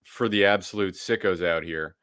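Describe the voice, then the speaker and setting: A man's voice: low voice, moderate pace, a bit bright, dry recording, clean studio sound. A man co-hosting a casual sports podcast, joking in a laid-back way. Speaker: podcast co-host.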